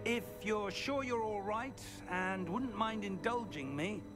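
An actor playing a calm, earnest older male professor mentor in a video game, speaking in a measured and courteous way. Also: sits high. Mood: solemn. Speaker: game character. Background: game music.

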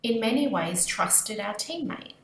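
A woman's voice: a little high, lively intonation, a little slow, vocal fry. An Australian woman speaking as a guest, reflecting earnestly and thoughtfully on her own experience. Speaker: guest, leadership coach. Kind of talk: reflective interview talk. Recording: roomy echo with faint ambient noise.

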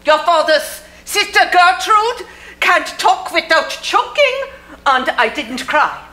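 A hard-edged old grandmother, steely and unbending, her voice high and bright, swinging widely as she talks slowly and deliberately, as a woman plays her on stage. The sound is roomy, picked up in a theater. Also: exaggerated voice. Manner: hard, clipped, commanding. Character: stern old immigrant grandmother, iron-willed. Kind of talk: community theater stage acting.

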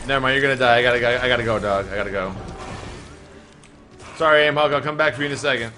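A man streaming a game live, trash-talking other players with loud, profane, joking outbursts. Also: medium pitch, fast, faint music behind. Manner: brash trash talk with loud outbursts and laughter. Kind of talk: profane live gameplay commentary.

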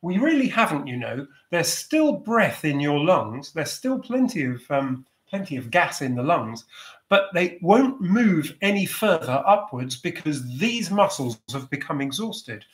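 A man leading a choir's vocal warm-up over a video call, giving gentle, encouraging instructions. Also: on the high side, sing-song, unhurried, echoey room.

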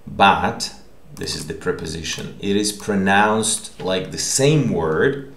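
A language teacher gives a slow, patient lesson, repeating each word and checking in with the listener. His low, gravelly voice rises and falls in a lively way. It sounds echoey, as if recorded in a bare room.

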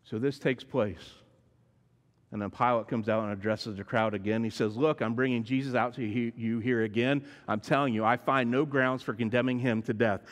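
A man preaching a sermon, telling the story dramatically and shifting between hushed and emphatic lines. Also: medium pitch, fairly even intonation, normal speed. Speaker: pastor. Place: church sanctuary. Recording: long reverb in a large church hall.

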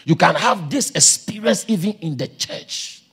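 A man preaching a sermon, shouting with passion and a sing-song cadence, with a gravelly voice. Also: high-pitched, animated, a little slow.

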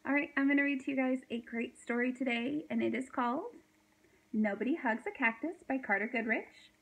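A woman reading a children's storybook aloud from her small home library in an expressive storytelling manner. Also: high-pitched, fairly quick, gravelly, husky.

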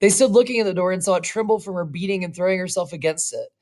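A woman reading a short story aloud, slow and expressive, now and then adding casual asides. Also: lowish voice. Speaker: reader.

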